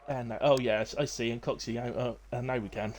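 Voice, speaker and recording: A man's voice: mid-range voice, fairly even intonation, brisk. A middle-aged man hosting a racing-league live stream in casual talk, rambling and self-deprecating with many fillers and restarts.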